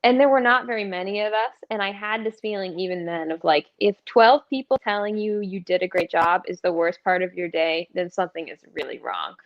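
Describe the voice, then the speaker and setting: A woman's voice: medium pitch, a little fast, hardly any pauses. A woman guest on a video call, telling stories in a chatty, self-mocking way. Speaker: touring musical theatre performer, guest. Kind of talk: casual chat. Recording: dull lo-fi livestream audio.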